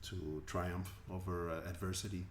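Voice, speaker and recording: Brief: male musician from Colombia, interview guest, very low voice, earnest and reflective, roomy recording. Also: flat delivery, moderate pace. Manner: thoughtful, earnest, repeats words as he goes. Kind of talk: interview answers. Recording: echoey room with faint ambient noise.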